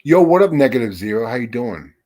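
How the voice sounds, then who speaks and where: A man's voice: medium pitch, sing-song, brisk, mellow. A man hosting a casual livestream chat, greeting viewers and talking bluntly with heavy swearing and frequent restarts. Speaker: livestream host.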